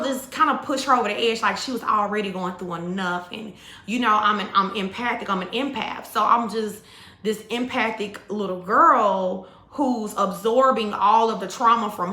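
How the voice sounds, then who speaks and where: Chatty woman with a bright voice. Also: medium pitch. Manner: chatty, rambling, full of "like" and "you know", addresses viewers as y'all. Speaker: spiritual YouTuber and mother. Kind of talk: casual storytelling to viewers. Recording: echoey room.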